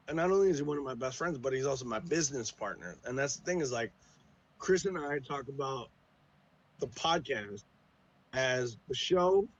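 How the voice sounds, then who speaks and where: A man's voice: medium pitch, dull audio. A man from the United States, a podcast guest, talking casually with a profane, teasing, joking manner. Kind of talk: casual chat.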